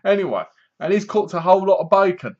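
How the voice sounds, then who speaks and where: A man's voice: high-pitched, lively intonation, fast. Man rambling through a plot on webcam. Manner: rambling, laughing retelling of a plot. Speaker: film reviewer. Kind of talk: casual film review vlog. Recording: dull lo-fi webcam audio.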